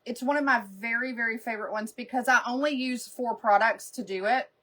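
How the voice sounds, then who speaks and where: A talkative woman hosts a live makeup stream, wandering through stories and laughing frequently. Her slightly high voice is pushed and bright, and she speaks fairly quickly.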